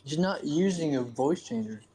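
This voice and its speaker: A man's voice: fairly high pitch, animated, moderate pace, background noise. A man bantering and laughing with a streamer over voice chat, giving short teasing replies.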